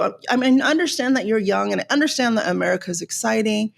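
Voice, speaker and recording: Vocal-fry woman ranting on a podcast. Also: fairly high pitch, fast talker, hardly any pauses. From Los Angeles. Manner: animated, sarcastic, swears freely. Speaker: podcast host. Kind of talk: casual rant.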